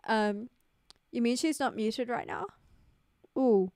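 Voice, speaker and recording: A woman's voice: fairly high pitch, slow pace, a little mellow, a little hiss or hum. A young woman, chatting on a casual livestream in a rambling, giggly way full of fillers. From New Zealand. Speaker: streamer.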